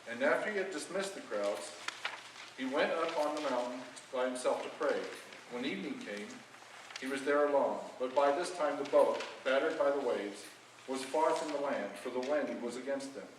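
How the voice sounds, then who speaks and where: A man reading a scripture passage aloud in a slow, measured way. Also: mid-range voice. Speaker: scripture reader. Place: church sanctuary. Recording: echoey sanctuary, distant mic, faint hum.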